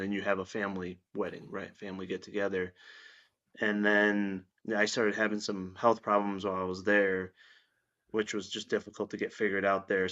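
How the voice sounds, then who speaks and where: Low-voiced blunt man, lo-fi sound. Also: fairly bright tone. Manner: blunt, opinionated, profane. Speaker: guest. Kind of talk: casual podcast chat. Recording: dull lo-fi sound.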